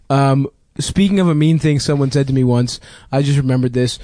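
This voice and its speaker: A man telling a profane, self-mocking comic story on a podcast, laughing and jumping high for quoted voices. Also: a little fast, mellow, no room sound, clean studio sound. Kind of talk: casual comedic storytelling.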